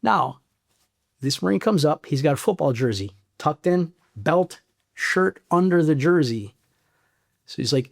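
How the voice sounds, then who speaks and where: A middle-aged man from Chicago's South Side tells a story in an interview. His voice sits a little high for a man, and his delivery is blunt and animated. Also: measured pace, gravelly, long pauses. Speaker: former Marine master sergeant, guest.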